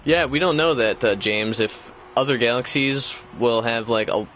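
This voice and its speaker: At a moderate pace and medium pitch, this young gaming-channel host rambles through casual chat, stumbling over fillers and starting over often. There's slight background noise, and the overall sound is dull and lo-fi.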